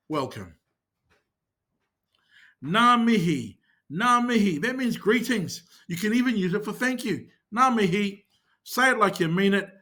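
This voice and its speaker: A man's voice: sits high, big pitch swings, a little slow, sharp tone. A man with a New Zealand accent teaching short phrases, repeating each one and urging listeners to say it like they mean it. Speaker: language teacher. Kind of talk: scripted language lesson.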